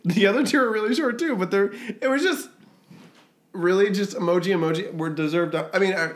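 A man's voice: high voice, a little fast. A young man co-hosting a casual chat, reading film reviews aloud in a put-on French accent and laughing often. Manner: playful, laughing often, lively. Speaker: podcast co-host.

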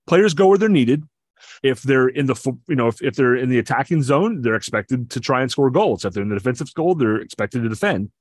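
This co-host chats about sports casually in an expressive, mid-range voice that's a little fast and has a breathy edge. Eager and long-winded, he frequently stammers and starts over; the audio is studio quality without echo.

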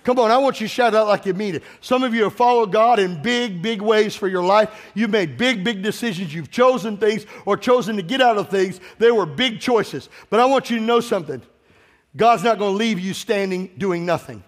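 A pastor delivers a fairly quick sermon in a high, bright voice, urging his congregation on and calling for their responses. He shifts between scripture and stories from his own life, and the large church sanctuary gives his voice a long reverb.

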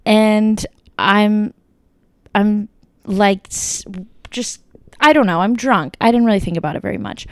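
A young woman telling a story in casual chat, full of "like" and "kinda", quoting people in lively bursts. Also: medium pitch, a little slow, long pauses, smooth, no room sound.

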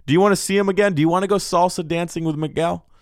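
Young man, comedy podcast host, crude blunt advice, slightly high voice, very dry close sound. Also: racing, no room sound. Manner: profane, blunt, excitable, reads listener emails aloud. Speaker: podcast host answering listener questions.

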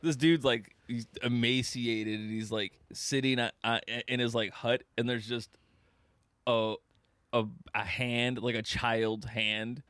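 Man, podcast co-host, profane rambling stories, dry room, ordinary pitch. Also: level tone, slow pace, fairly bright tone, dry recording. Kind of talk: casual chat.

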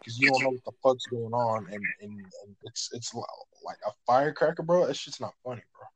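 A young man chats casually, talking loosely and swearing as he rambles through his stories with plenty of slang. His voice is brisk and husky at an ordinary middle pitch, and the audio quality is poor.

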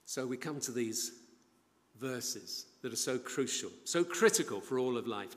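A middle-aged man preaches from the front of a church, with his voice trailing off into a long reverb. He tells the story with plenty of energy and acts out the voices of the people in it. His pitch sits in an ordinary middle range. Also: expressive, normal speed. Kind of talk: sermon. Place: church building.

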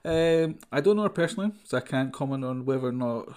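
A man's voice: mid-range voice, expressive, quick pace, a little mellow. Male podcaster; sarcastic, rambling comic ranter. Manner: sarcastic, rambling, many fillers. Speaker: podcast host. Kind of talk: comic ranting monologue.

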